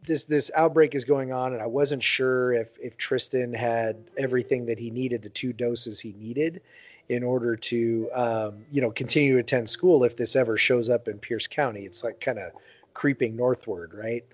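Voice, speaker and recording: A man in his thirties, co-hosting a podcast, telling a long anecdote in casual chat, with many fillers and lively voiced quotes. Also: medium pitch, moderate pace. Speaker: podcast co-host. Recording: dull lo-fi podcast audio.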